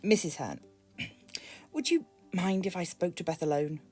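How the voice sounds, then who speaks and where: Brief: patient family doctor, man, formal and measured, voiced by a British woman. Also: fairly low pitch, sing-song, dark tone, faint music behind.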